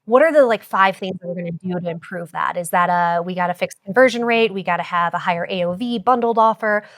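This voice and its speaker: Low-voiced woman explaining growth metrics. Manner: brisk, jargon-heavy, thinks aloud with fillers. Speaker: podcast guest, growth agency owner. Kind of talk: casual podcast interview.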